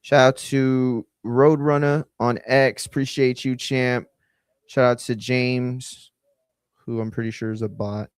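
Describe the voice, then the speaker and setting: A man hosting a live stream, chatting loosely and giving offhand shout-outs to viewers. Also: medium pitch, flat delivery, slow pace, clear, resonant tone, no room sound, clean studio sound. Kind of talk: casual live-stream chat.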